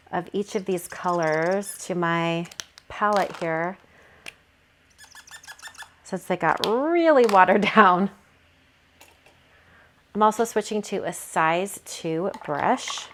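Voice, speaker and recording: A woman's voice: mid-range voice, a little hiss or hum. A woman hosting a card-making video, talking casually through her painting steps and thinking aloud with frequent fillers. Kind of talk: casual craft tutorial narration.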